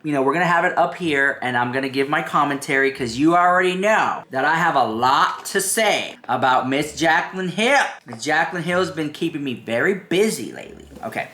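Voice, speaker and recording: A man's voice: on the high side, animated, normal speed, hardly any pauses, sharp tone, echoey room. A man hosting a drama commentary show, reacting to a clip in a sassy, chatty way and talking straight to his viewers.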